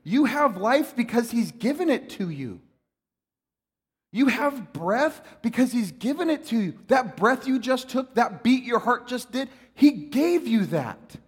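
A man preaching a sermon in an animated, conversational way, mixing jokes with scripture. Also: extremely high pitch, a little slow, slightly rough, big-room sound. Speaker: pastor.

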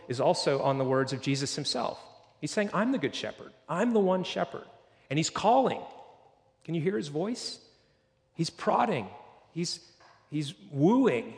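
Male pastor, slightly high voice, earnest sermon delivery, church reverb. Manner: earnest preaching, slows for quoted scripture.

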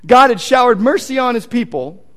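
A man's voice: extremely high pitch, lively intonation, moderate pace. A male pastor preaching a sermon in a conversational, emphatic way, with casual asides to the congregation.

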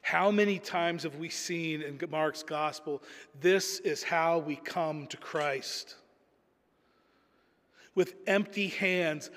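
A man's voice: fairly high pitch, slow, a bit bright, long reverb tail. A man preaching a sermon in an earnest, emphatic way, often repeating words as he builds a point.

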